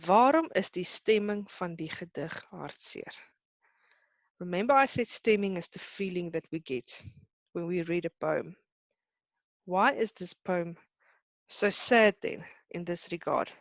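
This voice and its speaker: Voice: mid-range voice, unhurried, pauses often, a bit bright, no echo. Hesitant online teacher. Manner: hesitant, many fillers, reassuring tone. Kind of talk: live online lesson.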